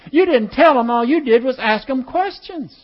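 A man's voice: very high-pitched, animated, moderate pace. A man teaching a class in a conversational way, putting questions to his listeners. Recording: dull lo-fi recording.

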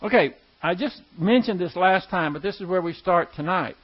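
A man preaching a sermon to a congregation, teaching from scripture and slowing down to stress key words. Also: high voice, lo-fi sound. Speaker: pastor.

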